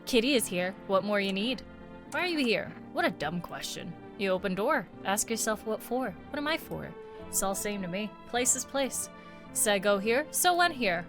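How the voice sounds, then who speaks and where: A woman's voice: medium pitch, big pitch swings, normal speed. Woman voicing aloof, clipped Kitty. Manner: clipped, broken grammar, aloof. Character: indifferent cat-like woman, terse broken speech. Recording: game music behind.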